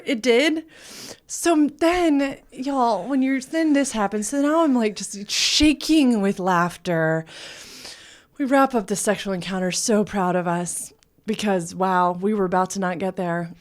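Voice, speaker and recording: A woman hosting a casual podcast as a sexuality educator, telling a funny story with lots of laughter. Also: high voice. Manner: storytelling, laughing often, animated.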